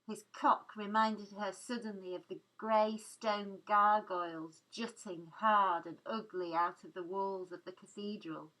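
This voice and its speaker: Slow, measured woman reader. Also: medium pitch, fairly even intonation, a bit bright, poor audio. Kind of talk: reading a novel aloud.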